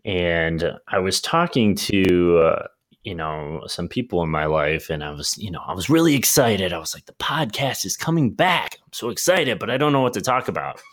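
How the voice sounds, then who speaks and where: A man's voice: deep voice, expressive, normal speed, fairly bright tone. A man co-hosting a casual podcast, laid-back and joking, trailing off and restarting as he talks. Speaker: podcast co-host. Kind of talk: casual chat.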